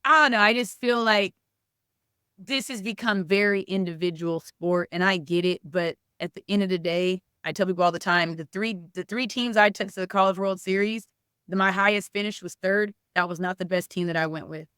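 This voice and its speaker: A middle-aged woman with a smooth, clear voice speaks casually in an interview. She tells stories with a lot of "like" fillers and acts out what people said. The sound is dry and close. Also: medium pitch, a little fast, dry recording. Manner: animated storytelling, many "like" fillers, acts out quoted speech. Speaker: softball coach and former college player.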